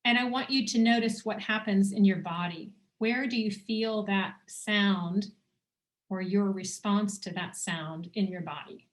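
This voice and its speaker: On a video call, a dowsing teacher with a mid-range voice guides a breathing exercise. She gives slow, soothing instructions and leaves pauses between them.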